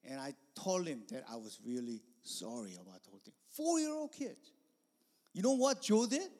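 Male pastor, high pitch, animated sermon delivery with loud outbursts, long hall reverb. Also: moderate pace. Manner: animated preaching with sudden loud bursts.

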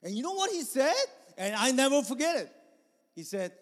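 Lively high-voiced man preaching. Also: moderate pace, in a large hall. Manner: animated preaching with sudden loud bursts. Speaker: pastor. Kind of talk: sermon.

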